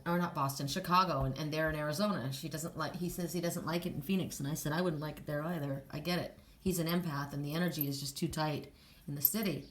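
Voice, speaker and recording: Rambling woman giving a card reading. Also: low-pitched. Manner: rambling, with restarts and asides to the listener; emotional, soft and sighing in places. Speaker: psychic card reader. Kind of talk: casual spiritual card reading.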